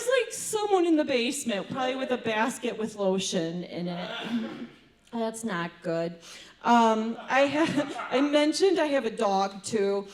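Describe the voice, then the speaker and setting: A middle-aged woman performing a stand-up comedy set in a fairly high voice. She talks in a chatty way with quick asides and often laughs at her own jokes.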